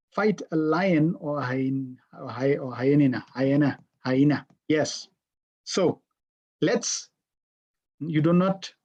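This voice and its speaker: Husky, mid-pitched class teacher, interactive and questioning, video-call lesson. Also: warm tone. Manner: questions the class and repeats answers back.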